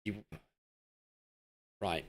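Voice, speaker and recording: A man streams a game, rambling through casual commentary and talking to the players on screen as he goes. He speaks very slowly and is losing his voice.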